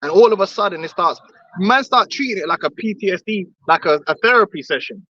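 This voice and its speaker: A man's voice: sits high, expressive, fairly quick, bright, forceful tone, no echo. A man in heated religious discussion, blunt and swearing, mimicking other voices. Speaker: podcast co-host. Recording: dull lo-fi dry recording.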